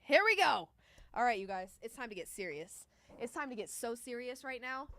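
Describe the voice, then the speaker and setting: A woman's voice: fairly high pitch, expressive, fairly quick, a bit bright. A young adult woman hosting a live sports reaction stream, emotional and pleading as a bet goes wrong. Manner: emotional, groaning and pleading over a losing bet. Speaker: sports betting show host. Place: sports studio. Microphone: studio microphone.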